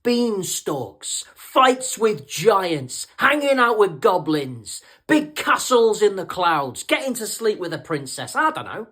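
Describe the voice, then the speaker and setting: A man's voice: high voice, sing-song, a little slow, fairly bright tone, no echo. A man delivering a sarcastic, mocking comedy monologue in a scripted style.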